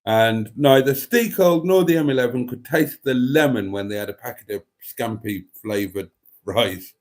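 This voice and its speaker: A man's voice: medium pitch, moderate pace, darkish tone. A man hosting a livestream, reading viewer comments aloud with groaning asides and bits of sung song lyrics. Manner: reads chat aloud, sings snatches of songs, groans and mutters asides. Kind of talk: casual livestream chat.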